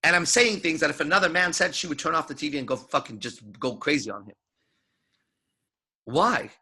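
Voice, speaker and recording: A man's voice: fairly high pitch, a little fast, pushed and bright, husky. A man giving an unscripted lecture as a dating coach, talking in a swaggering, profane, emphatic way.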